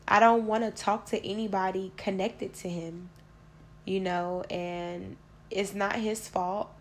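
A woman's voice: mid-range voice, steady tone, takes it slowly, a little hiss or hum. A young woman hosting a podcast, recounting a personal story in a blunt, profane, conversational way. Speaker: podcast host.

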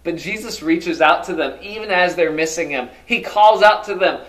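Guy pastor preaching, kinda higher voice, lots of questions, goes loud then really soft. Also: moderate pace, few pauses. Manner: rhetorical questions, swings from loud to hushed. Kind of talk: sermon.

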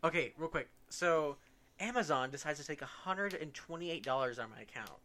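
A man's voice: a little high, animated, moderate pace, bright, forceful tone, slight background noise. Teen guy hosting a podcast, laid back chatty storytelling, laughs a lot. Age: teens. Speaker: podcast co-host. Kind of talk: casual chat.

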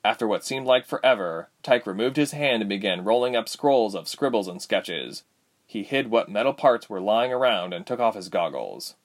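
A man reading a story aloud, expressive and lively. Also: fairly low pitch, moderate pace. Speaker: narrator. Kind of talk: storybook narration.

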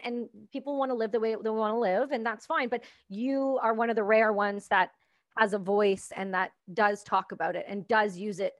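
A woman's voice: mid-range voice, dry recording. Earnest woman host, dry close sound. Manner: earnest, repeats words while gathering thoughts. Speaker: podcast host and veteran. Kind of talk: conversational interview.

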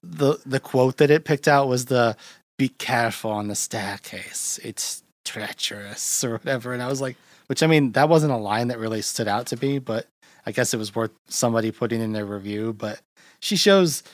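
A man's voice: medium pitch, brisk, no echo. A man hosting a casual podcast chat about a film, rambling and laughing often. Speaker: podcast host.

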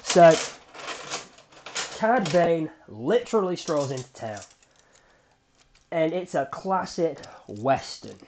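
A man hosting a solo fan podcast, recapping a TV episode in an excitable, animated storytelling way with frequent restarts. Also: on the high side, slow pace, long pauses, a little hiss or hum. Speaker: podcast host.

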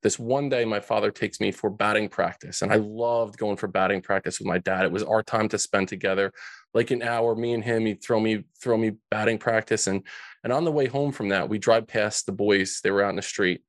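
During a podcast interview, a man earnestly shares a painful story from his childhood, restarting sentences often. His lowish voice holds fairly even intonation at a slightly fast pace, with no echo.

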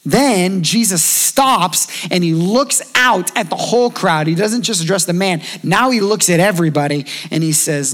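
A man's voice: on the high side, moderate pace, hardly any pauses, a bit bright. A man in his thirties giving a sermon as a pastor, talking to the congregation in a conversational way and acting out the voices he quotes. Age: 30s.

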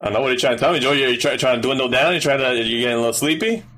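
A man's voice: medium pitch, fairly bright tone. A man co-hosting a casual podcast chat, speaking hesitantly with frequent restarts. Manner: hesitant, halting, restarts often. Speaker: podcast co-host.

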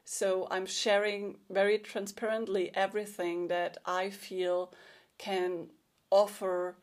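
A woman life coach giving an earnest, emotional solo monologue with soft laughs. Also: mid-range voice, level tone, slow.

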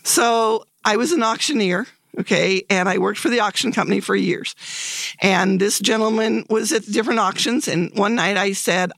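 A woman in her sixties, a podcast guest, telling stories in a lively way and acting out the voices she quotes. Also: mid-range voice, normal speed, creaky, dry recording. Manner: lively, animated storyteller who acts out quoted voices. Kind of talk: casual podcast storytelling.

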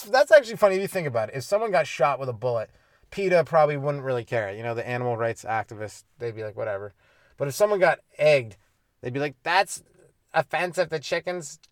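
A man's voice: mid-range voice, no echo, studio quality. A young man from Canada hosting a comedy podcast, ranting on his own, swearing and acting out little scenes in mock voices. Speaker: podcast host, stand-up comedian. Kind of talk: solo comedic rant.

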